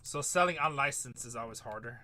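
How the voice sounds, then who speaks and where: A man's voice: mid-range voice, animated, fairly quick, sharp tone, slight background noise. A middle-aged man hosting a live card break, rambling and joking, casually swearing as he calls out teams. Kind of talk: livestream sales chat.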